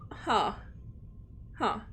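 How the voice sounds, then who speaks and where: Slow-talking woman playing a game. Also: fairly bright tone, a little hiss or hum. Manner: slow, chatty, giggly reactions. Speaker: gaming streamer. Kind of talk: reading game text and commenting.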